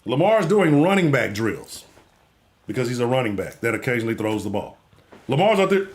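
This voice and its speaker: A man's voice: medium pitch, very animated, a little fast. A man hosting a live sports talk show, brash, joking and profane.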